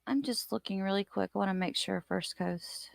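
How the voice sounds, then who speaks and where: A woman's voice: medium pitch, moderate pace, gravelly, dry recording, studio quality. A woman hosting a casual livestream, chatting and greeting viewers by name as she reads their comments. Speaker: livestream host.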